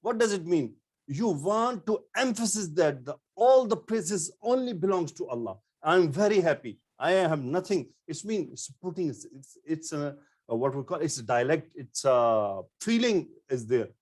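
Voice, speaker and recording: A man's voice: fairly high pitch, expressive, normal speed, darkish tone. A man teaching an Arabic grammar lesson, explaining step by step and repeating key terms, with frequent fillers and restarts. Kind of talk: online-style grammar lecture.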